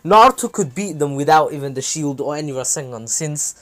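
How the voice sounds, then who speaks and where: A man's voice: fairly high pitch, animated, brisk, fairly bright tone. A man casually retelling a fan-made story, rambling with many fillers and self-corrections.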